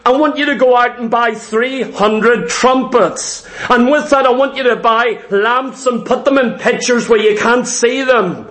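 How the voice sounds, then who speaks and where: God as an everyday, reassuring speaker, high male voice, played by a man. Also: measured pace, few pauses, a bit bright. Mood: assured.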